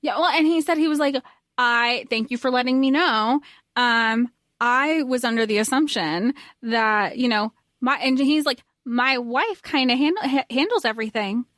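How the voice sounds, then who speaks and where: A woman's voice: high voice, normal speed, a bit bright, dry recording, studio quality. A woman co-hosting a casual fan podcast, speaking earnestly and emotionally and laughing easily. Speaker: podcast co-host.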